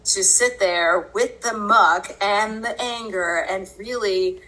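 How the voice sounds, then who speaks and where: Woman host telling her own story, takes her time, clear forceful tone, laughs a lot. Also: medium pitch, rough recording. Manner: earnest and unhurried, breaks into laughter. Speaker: podcast host. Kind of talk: reflective personal storytelling.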